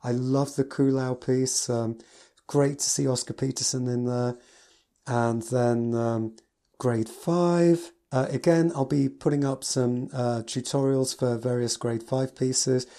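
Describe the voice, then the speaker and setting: A man's voice: mid-range voice, steady tone, slow pace, mellow. A man, a piano teacher, giving a casual spoken review from his notes, enthusiastic and gushing with adjectives.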